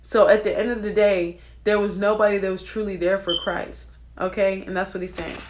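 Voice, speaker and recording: A young woman giving casual spiritual commentary on song lyrics, chatty and excitable, often checking in with her listeners. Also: mid-range voice, brisk, lo-fi sound. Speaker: Christian video creator.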